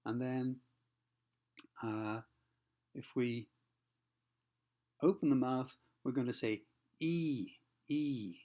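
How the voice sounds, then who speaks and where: A man teaching pronunciation in a patient, step-by-step way. He slows down to model sounds carefully and keeps checking that the listener is following. His voice sits at an ordinary middle pitch. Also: fairly even intonation, a little mellow. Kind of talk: explanatory lesson for learners.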